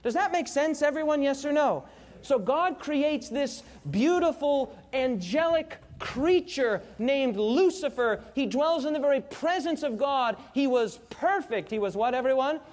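High-voiced man preaching a sermon. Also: animated, unhurried. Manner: storytelling, asks the congregation questions.

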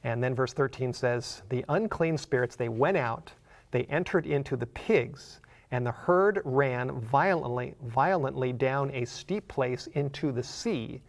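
Gravelly-voiced man teaching the Bible. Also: mid-range voice. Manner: earnest, slows down to read scripture aloud; asks the listener questions, rising in force.

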